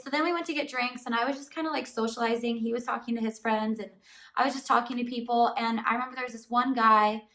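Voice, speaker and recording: Chatty woman, set back from mic. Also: on the high side. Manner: chatty, fillers of "like" throughout, animated retelling. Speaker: vlogger. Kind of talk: casual storytime to camera. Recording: voice somewhat far from the mic.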